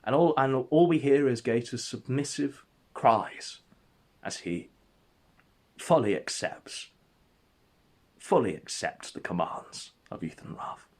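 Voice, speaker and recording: Guy spinning a ridiculous story all deadpan and mock epic, voice swoops up and down a lot. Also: mid-range voice, takes it slowly, long pauses. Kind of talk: comedic storytelling.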